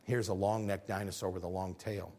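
A man giving an animated faith talk over slides, asking rhetorical questions and pressing his points with emphasis, now and then stumbling over his words. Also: low voice, fairly quick, slight background noise. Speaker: speaker presenting slides.

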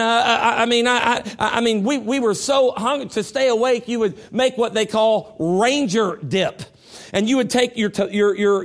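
A man of forty preaching a sermon, swinging from loud shouted lines to quiet prayer and restarting his words often. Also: high-pitched. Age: 40s.

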